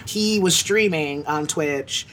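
A man's voice: fairly high pitch, slow, fairly bright tone, a little hiss or hum. A man co-hosting a podcast in casual chat, talking bluntly and heatedly and swearing freely. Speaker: podcast co-host.

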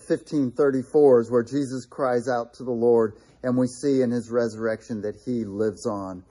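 A man preaching a sermon in an earnest manner, with quick asides and repeated restarts. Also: medium pitch, dark tone, husky. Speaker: pastor.

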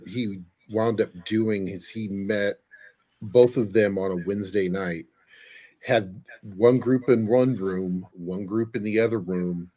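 A man's voice: on the low side, a little mellow. A man co-hosting a casual chat, telling a story about a game he once saw. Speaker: podcast co-host.

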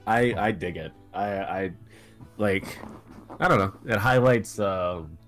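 A man's voice: sits low, slow pace, fairly bright tone, faint music behind. A young man with a congested voice, rambling through casual chat with a friend, full of fillers. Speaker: co-host.

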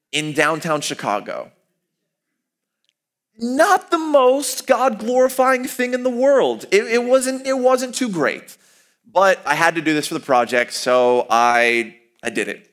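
A young man tells a personal story to an audience in an animated, expressive way. His voice sits at a middle pitch, and he often jumps up high and louder for emphasis. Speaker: student speaker sharing a personal story. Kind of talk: storytelling talk.

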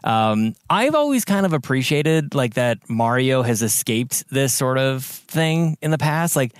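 A man co-hosting a podcast, chatting casually with a mid-range voice that swings widely in pitch. He talks in an animated way, full of fillers and laughs. The sound is dry and close to the mic. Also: a little slow, clean tone, no echo. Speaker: podcast co-host. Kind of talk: casual chat.

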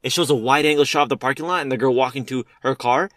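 A young man chatting casually with friends, telling animated stories full of swearing and fillers. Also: medium pitch, no room sound, studio quality. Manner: fast, animated storytelling, heavy swearing and filler. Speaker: friend chatting about movies. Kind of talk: casual chat.

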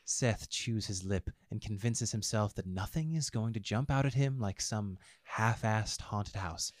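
A man narrates a story with wry, expressive timing. His voice sits on the low side and the sound is close and dry, with no room around it. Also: measured pace, dry recording. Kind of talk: audiobook fiction narration.

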